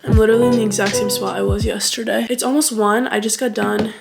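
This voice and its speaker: A woman's voice: medium pitch, fairly even intonation, fast talker, creaky, over loud music. A young woman vlogging to her phone camera in a chatty, rambling way, full of "like" and "I don't know". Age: young adult. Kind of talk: casual vlog talk to camera.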